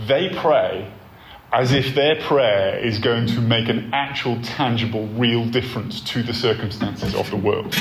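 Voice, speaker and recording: A man, a church leader giving a sermon-style talk, earnest and animated, with frequent ums and restarts. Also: mid-range voice. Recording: roomy hall with faint background noise.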